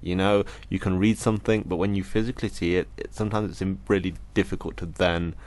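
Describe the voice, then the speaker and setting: A young man from Britain speaks in a very low register, earnest and reflective as he recounts his story to an interviewer. He stumbles and restarts often, pausing to quote the people he met. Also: steady tone, a little mellow. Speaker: interview guest.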